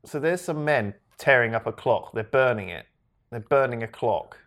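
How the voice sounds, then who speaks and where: A man's voice: medium pitch, animated, a bit bright. A man co-hosting a podcast, chatting casually and making rambling jokes. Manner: joking, rambling, quick to laugh. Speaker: podcast co-host. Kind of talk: casual chat.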